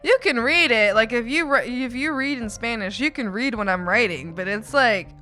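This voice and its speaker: Young woman streamer, bright voice, chatty and giggly, faint music underneath. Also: on the high side, expressive, normal speed. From Canada. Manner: chatty, giggly, rambling with frequent restarts. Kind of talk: casual chat with viewers. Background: faint background music.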